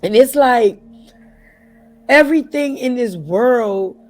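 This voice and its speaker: A woman's voice: fairly high pitch, slow pace, soft background music. Blunt, profane middle-aged woman. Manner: blunt, profane, animated storytelling with mocking impressions. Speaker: interview guest. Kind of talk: casual interview talk.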